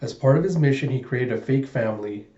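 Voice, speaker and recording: Male reviewer, casual reaction style, mellow tone; echoey, muffled recording. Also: medium pitch, a little fast. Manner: animated retelling, laughing along. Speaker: manga reviewer. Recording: echoey room, dull sound.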